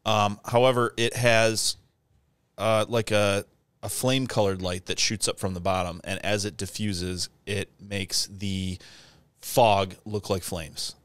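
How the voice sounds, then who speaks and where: A man's voice: on the low side, slow pace, clear, resonant tone, no room sound. A man co-hosting a podcast, chatting casually and telling stories with lots of laughter. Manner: animated storyteller, laughs often, does silly voices. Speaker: podcast co-host. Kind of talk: casual chat.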